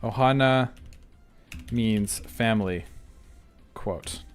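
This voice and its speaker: A man's voice: on the low side, extremely slow, clean tone, faint music behind. A young man streaming live, chatting casually in a self-deprecating way and often restarting his sentences. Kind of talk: casual livestream chat.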